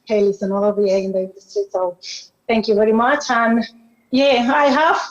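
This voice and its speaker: A woman whose first language is Spanish, giving a halting, emotional acceptance speech over a video call, laughing between her thanks. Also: on the high side, fairly even intonation. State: emotional, close to tears. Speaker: award winner. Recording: muffled video call audio.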